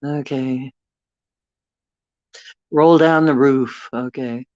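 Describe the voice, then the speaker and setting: A woman's voice: deep voice, measured pace, pauses often, dry recording. A woman hosting a livestream from her bedroom, chatting casually and rambling while she reads viewer comments. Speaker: livestream host. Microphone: phone. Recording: dull lo-fi phone audio.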